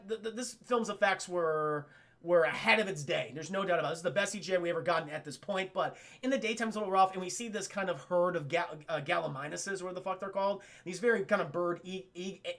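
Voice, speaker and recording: A man casually recapping a film on a live stream, profane and animated, acting out the characters' lines. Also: high-pitched.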